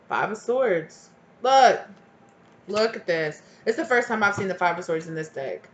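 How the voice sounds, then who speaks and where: A woman's voice: medium pitch, animated, moderate pace, muffled recording, a little hiss or hum. A woman giving a casual tarot reading to her viewers, chatty and blunt, swearing freely and rambling as she goes. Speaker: tarot reader.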